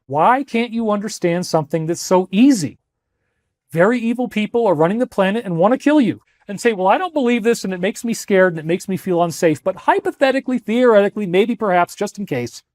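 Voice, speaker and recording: A man with a notably high voice delivers an intense, rambling lecture, pleading with his listeners. The sound is close and dry. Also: darkish tone, dry recording. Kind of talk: emotional lecture to an audience.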